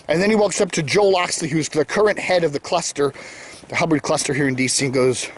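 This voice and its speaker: A man's voice: a little high, fast, slight background noise. A middle-aged man hosting his own vlog, rambling opinions while walking outdoors in the woods, self-assured and opinionated. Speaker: vlog host. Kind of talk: casual opinion monologue.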